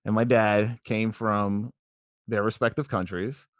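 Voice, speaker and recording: A man's voice: on the low side, steady tone, unhurried, dry recording, lo-fi sound. A man in his thirties from New York, a podcast guest in casual chat who is laid-back and laughs often.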